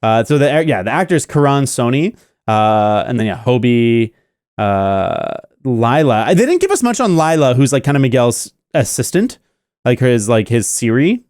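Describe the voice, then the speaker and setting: A man's voice: medium pitch, very animated, normal speed, darkish tone, dry recording, studio quality. A man co-hosting a podcast, chatting casually and enthusiastically about a movie with lots of fillers. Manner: rambling, enthusiastic, many fillers. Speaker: podcast co-host. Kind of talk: casual movie review chat.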